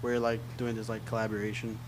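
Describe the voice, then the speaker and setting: A man's voice: lowish voice, completely flat delivery, fast talker, crowd noise. A man in a band, speaking as a guest on a radio show, hesitant and filled with "like" and "um". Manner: hesitant, many "like" and "um".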